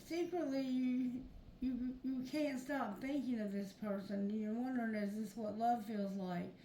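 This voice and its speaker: A woman's voice: fairly high pitch, a little mellow. A woman reading tarot for her viewers, talking frankly and chattily and now and then calling on spirit. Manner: frank, chatty, addresses spirit, earthy phrasing. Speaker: tarot reader. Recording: echoey room with noise behind.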